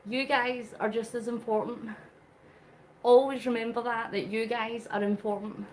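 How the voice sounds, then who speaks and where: Woman vlogger, high voice, earnest and emotional, slightly winded, phone mic, faint hiss. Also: little pitch movement, moderate pace. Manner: earnest, emotional, reads out viewer comments. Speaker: vlogger doing a live charity cycle. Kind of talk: live-stream chat while cycling.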